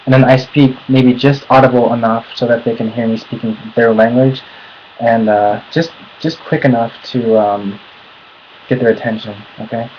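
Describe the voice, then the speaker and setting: A young American man talking casually to camera, nervous and halting, recorded at home on a dull lo-fi mic. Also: mid-range voice, fairly even intonation, a little hiss or hum. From United States. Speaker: vlogger.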